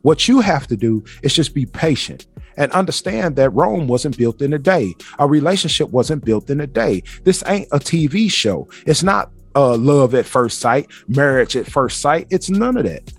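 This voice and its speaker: A man's voice: medium pitch, very animated, moderate pace, breathy edge, faint music behind. Blunt, ranting man hosting a podcast. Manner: blunt, emphatic, profane ranting. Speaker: podcast host. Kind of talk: solo podcast monologue.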